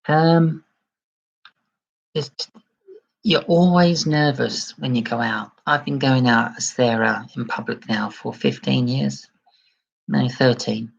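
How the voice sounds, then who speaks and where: A man hosts a casual livestream and answers viewer comments in a chatty, self-deprecating way. His voice has a gravelly fry and a husky edge, and he nudges his pitch up toward a feminine tone. The audio is a little dull and muffled. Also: takes it slowly, pauses often. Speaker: livestream host.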